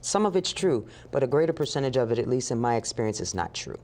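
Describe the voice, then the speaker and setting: A woman telling a story as an interview guest, animated and acting out the voices of the people in it. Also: a bass voice, fast talker. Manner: animated, acts out dialogue with laughs.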